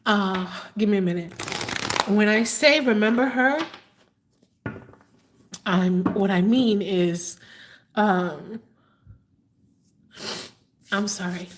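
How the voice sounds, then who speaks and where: A woman in her fifties hosting a live tarot stream, talking slowly and haltingly with many fillers, sometimes emotional. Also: mid-range voice, slight background noise. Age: 50s. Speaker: tarot reader hosting a livestream. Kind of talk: live-stream chat answering viewers.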